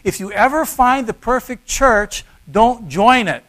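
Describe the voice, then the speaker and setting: A middle-aged man preaches with a fairly high voice. He leans hard on key words, then drops to quiet asides. His delivery is that of a pastor working through a sermon. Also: animated, a little slow, poor audio. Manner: emphatic, swings between loud stresses and quiet asides.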